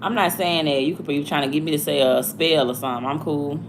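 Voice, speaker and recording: A woman's voice: sits low, fairly even intonation, fast talker, noisy background. A woman with a Southern accent from Alabama, hosting a casual livestream chat in a blunt, slangy, rambling way. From Alabama, USA. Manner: blunt, slangy and chatty, drifting between stories. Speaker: livestream host.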